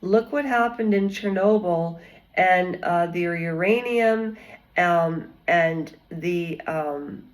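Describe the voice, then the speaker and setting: Woman vlogger, slow and rambling, chatty and digressive. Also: lowish voice, low-quality recording. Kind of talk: casual commentary vlog.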